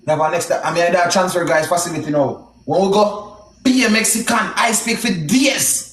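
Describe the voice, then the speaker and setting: A young man with a Jamaican accent telling a story casually, in a heavy patois with shouted exclamations. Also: high-pitched, fast talker, reverberant. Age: young adult.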